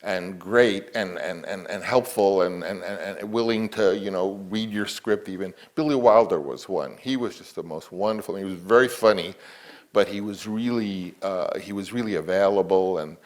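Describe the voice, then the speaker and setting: A man's voice: low voice, moderate pace. A man, a film director, talking reflectively in an interview, rambling with many restarts.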